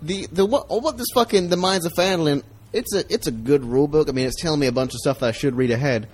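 Man, casual podcast chat, slightly high voice, rambling, sweary jokes. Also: fast, darkish tone, husky. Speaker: comedian, podcast guest.

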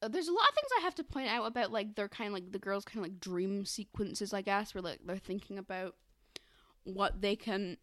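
A young woman co-hosting a podcast, chatting casually and rambling with lots of fillers and quick laughs. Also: medium pitch, lively intonation. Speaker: podcast co-host.

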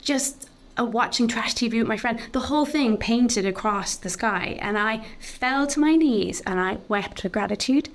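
A woman, a podcast guest talking candidly and openly about a deeply personal experience, with lots of "like" fillers. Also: moderate pace. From Ireland. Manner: open, heartfelt, full of "like" fillers.

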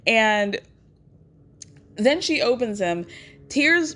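A woman's voice: on the high side, lively intonation, fairly bright tone. A woman podcast host telling a story in a chatty, wry way. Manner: chatty, wry, acts out quotes in quick impressions. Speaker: podcast host recapping a reality show. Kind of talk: casual recap storytelling.

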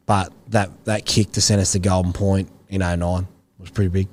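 A man in his thirties with an Australian accent, a former rugby league player telling rambling stories in a relaxed interview. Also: sits low, moderate pace. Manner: laid-back, rambling anecdotes with slang. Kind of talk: casual interview storytelling.

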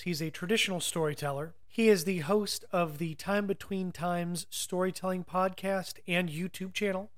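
A man hosting a folklore podcast, introducing his guest with enthusiastic praise. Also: high-pitched. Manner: warm, enthusiastic introductions, fond of y'all. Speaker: podcast host.

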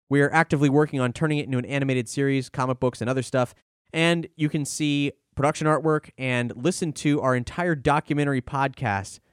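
A man's voice: fairly high pitch, dry recording, studio quality. A man hosting a podcast, chatting casually through the show's promos with the odd filler word. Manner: chatty, relaxed, with filler words. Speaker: podcast host.

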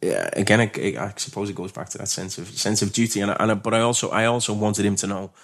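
Male guest, lowish pitch, loose rambling anecdotal delivery. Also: fast, creaky, a bit bright. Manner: rambling, repeats words, swears. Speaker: actor guest. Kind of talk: casual anecdotal chat.

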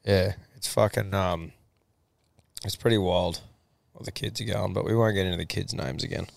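A man's voice: low-pitched, fairly even intonation, normal speed, vocal fry, dry recording. A man co-hosting a podcast, chatting in a laid-back, sweary way. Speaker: podcast co-host. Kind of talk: casual chat.

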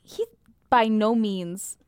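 A woman's voice: medium pitch, slow pace, smooth, no echo, studio quality. A woman co-hosting a podcast in casual chat, full of playful, teasing quips.

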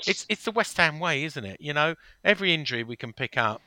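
A man hosting a casual football podcast, telling stories in an animated, defensive way. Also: on the high side, fast talker, no room sound. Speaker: podcast host.

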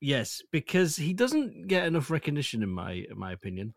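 A man's voice: a little high, very animated, creaky, dry recording. Chatty male podcast host, playful banter, dry studio sound. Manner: chatty and playful, quick to laugh. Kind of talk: casual podcast chat.

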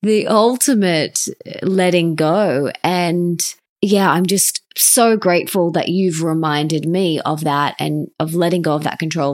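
A woman hosting a podcast interview, talking warmly and enthusiastically. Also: on the low side. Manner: enthusiastic, gushing with gratitude. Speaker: podcast host. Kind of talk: casual interview chat.

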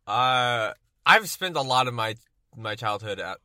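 A man from Texas in his 20s, co-hosting a podcast in a car, tells a story in casual chat, laughing a lot and acting out voices. He speaks a little slowly in a mid-range voice, and the recording is studio quality with no room sound.

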